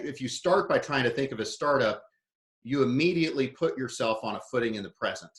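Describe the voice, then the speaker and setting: A man investor giving a measured, explanatory talk to founders, with frequent fillers. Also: medium pitch, a bit bright, echoey room. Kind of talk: conference talk.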